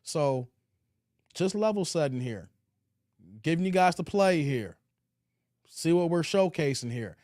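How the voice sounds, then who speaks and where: High-pitched dude reacting to his stream chat, laid-back and slangy, dry mic. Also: lively intonation, unhurried, long pauses, a little mellow, no echo. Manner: laid-back, slangy, reads viewer comments aloud. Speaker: livestream host. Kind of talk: casual livestream commentary reading chat.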